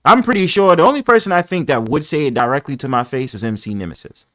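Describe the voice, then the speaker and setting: A man hosting a casual live-stream panel chat, talking in a brash, profane, animated way full of boastful trash talk. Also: fairly high pitch, quick pace, dry recording. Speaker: livestream panel host.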